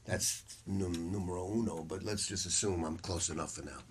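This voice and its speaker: A man's voice: deep voice, normal speed. Older man teaching a sax masterclass. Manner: animated, acts out quoted voices, laughs often. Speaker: saxophone teacher giving a masterclass. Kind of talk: casual, profane storytelling lecture. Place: music store hall with a small audience. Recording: faint background noise and clicks.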